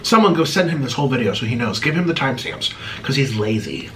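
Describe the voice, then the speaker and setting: Very animated and quick, this man's bright, forceful voice comes from far away from the mic over a little hiss or hum. In his thirties, he eats at home on video and fields viewer questions sarcastically and theatrically, his pitch jumping high and low.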